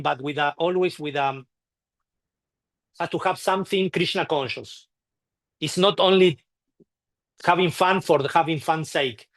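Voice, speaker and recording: A man telling anecdotes at a temple gathering, halting and restarting often, acting out the people in his stories. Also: fairly high pitch, a bit bright. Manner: halting, with frequent restarts and repeated words. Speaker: devotee sharing memories at a temple. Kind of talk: anecdotal storytelling talk.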